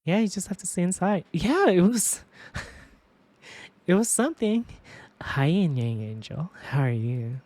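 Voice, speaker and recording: A woman streamer chatting casually with viewers, telling stories in an animated way, swearing freely and laughing often. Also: fairly low pitch, unhurried, pauses often, no room sound.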